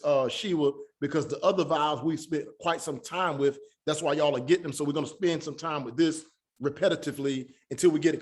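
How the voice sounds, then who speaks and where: A man teaching a Hebrew class, speaking patiently and repeating words slowly for his students. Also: a little high. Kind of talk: classroom lesson.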